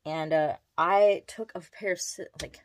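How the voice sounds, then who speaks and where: A woman's voice: lowish voice, measured pace, no room sound. A woman vlogger talking in a meandering, confessional way while she does her makeup at a mirror at home. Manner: rambling, meandering, distracted while doing makeup. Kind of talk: casual confessional chat.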